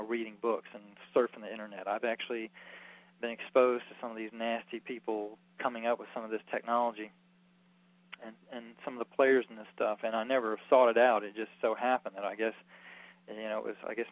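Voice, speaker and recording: Man with flat, low voice, tinny recording. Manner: rambling, filler-heavy, earnest. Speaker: healing workshop teacher. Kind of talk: informal lecture.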